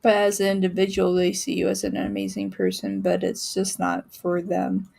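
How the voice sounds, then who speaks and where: A woman giving a live-stream tarot reading in a chatty way, laughing often and filling pauses with ums. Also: on the low side, gravelly, darkish tone. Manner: chatty, laughing, many fillers. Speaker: tarot reader.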